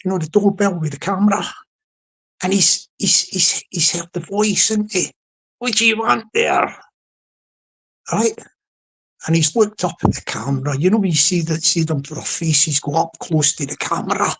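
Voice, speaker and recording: Husky scottish guy rambling on a live stream, lots of restarts, chatty. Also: fairly high pitch, moderate pace, poor audio. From Scotland. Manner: chatty, repeats words, many restarts. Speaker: livestream host. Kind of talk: rambling comedic live commentary.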